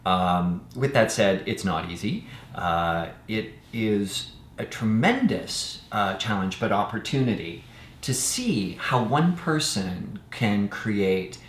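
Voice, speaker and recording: Male theatre director, lowish voice, measured interview talk, echoey room. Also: animated, a little hiss or hum. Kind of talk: interview chat. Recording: roomy sound with faint ambience.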